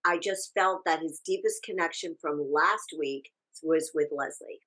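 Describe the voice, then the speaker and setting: A woman with a low voice co-hosts a relaxed podcast chat. She gives her opinions freely and often trails off and starts her sentences again. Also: measured pace, poor audio. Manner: chatty, opinionated, trails off with restarts. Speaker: podcast co-host. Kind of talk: casual chat recapping a TV show.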